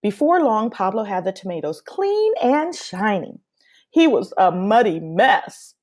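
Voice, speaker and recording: A woman teacher reading a children's picture book aloud in a slow, expressive way. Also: mid-range voice. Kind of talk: storybook read-aloud for children.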